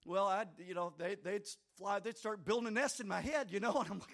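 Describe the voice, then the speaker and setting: A high-voiced man preaches a fervent sermon. He talks right at his listeners in a folksy way. He rises to loud, fervent peaks and then drops to quiet, confessional asides. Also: a little fast. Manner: swings between shouted fervor and quiet confessional asides; addresses listeners directly, folksy.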